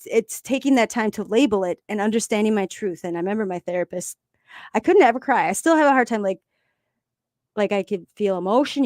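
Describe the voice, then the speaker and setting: A woman's voice: medium pitch, no room sound, clean studio sound. A woman co-hosting a casual recovery discussion, talking openly and with feeling about her own life. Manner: open, emotional, animated storytelling. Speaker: podcast co-host.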